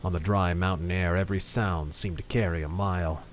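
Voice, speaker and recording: A man narrating a hard-boiled pulp story in the first person, gruff and deadpan. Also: sits low, fairly quick, slight background noise. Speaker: audiobook narrator.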